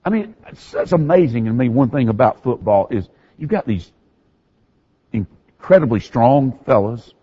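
A male pastor preaching a sermon, telling the story with animated swings from hushed to raised delivery. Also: medium pitch, normal speed, breathy edge, lo-fi sound.

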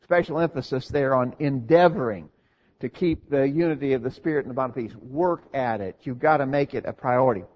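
A man's voice: mid-range voice, brisk, few pauses, in a large hall, muffled recording. A man preaching an earnest sermon to his congregation, stressing his points and asking rhetorical questions.

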